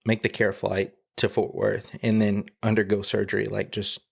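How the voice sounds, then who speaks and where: Gravelly, husky man telling a halting testimony. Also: lowish voice, level tone. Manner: halting, many fillers and restarts. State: emotional, near tears. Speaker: podcast guest. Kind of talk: emotional personal testimony.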